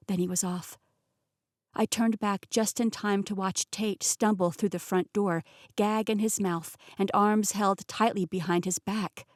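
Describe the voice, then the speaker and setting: A woman narrating a fantasy audiobook in the first person, with clear and steady storytelling. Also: mid-range voice, no echo, clean studio sound.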